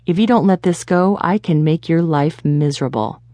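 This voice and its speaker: A woman voicing a menacing, angry middle-aged male politician who speaks slowly and low. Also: mellow, no echo, lightly acted. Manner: slow, low and threatening.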